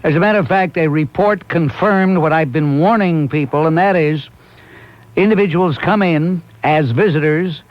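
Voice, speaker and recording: A man's voice: fairly high pitch, moderate pace, no room sound. A man hosting a call-in talk radio show, urging listeners on and answering callers. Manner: emphatic, exhorting listeners. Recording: muffled lo-fi 1990s AM radio recording.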